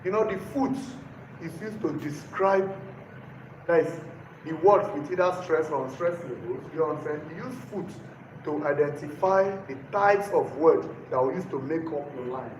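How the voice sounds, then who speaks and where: A man lecturing a class, his voice sitting fairly high as he repeats each point and stops to ask whether everyone is following. The sound is roomy and echoey, with a faint hum of noise underneath. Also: normal speed. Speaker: teacher.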